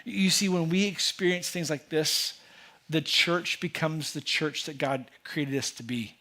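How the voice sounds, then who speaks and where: A man's voice: fairly high pitch, unhurried, sharp tone. A man preaching a sermon to a church congregation, earnest and emphatic, often repeating words and restarting as he builds a point. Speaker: pastor. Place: church sanctuary.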